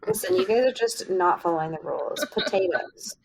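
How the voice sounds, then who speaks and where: A woman's voice: medium pitch, lively intonation, fairly quick, rough recording. A young woman co-hosting a podcast in casual chat, wry and teasing. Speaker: podcast co-host.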